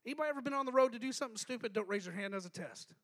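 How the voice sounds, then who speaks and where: A male pastor preaching a lively sermon, joking and calling on the congregation to respond. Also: extremely high pitch, racing.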